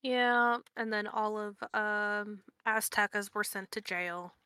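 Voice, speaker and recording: A woman's voice: mid-range voice, fairly even intonation, takes it slowly, pushed and bright, clear, resonant tone, no echo, clean studio sound. A woman co-hosting a podcast, giving offhand, brief replies in a casual chat. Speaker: podcast co-host.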